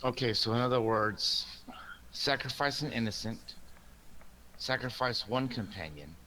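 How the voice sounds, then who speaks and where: A man's voice: medium pitch, expressive, a little slow, sharp tone, a little hiss or hum, low-quality recording. A man playing a tabletop game, laying out the options methodically. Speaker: player. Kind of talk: casual tabletop game chat.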